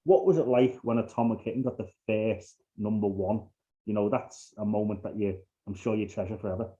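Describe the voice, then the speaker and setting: A man's voice: lowish voice, fairly quick, warm tone. A man hosting a podcast interview, talking casually and often stumbling over repeated words. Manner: hesitant, repeats words, friendly filler. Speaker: podcast host. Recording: dull lo-fi sound.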